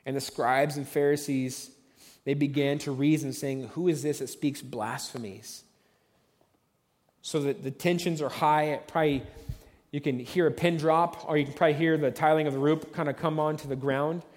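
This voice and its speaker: A man's voice: a little high, steady tone, normal speed, darkish tone, big-room sound. A man preaching a sermon as pastor, telling the story conversationally and acting out the voices of the onlookers.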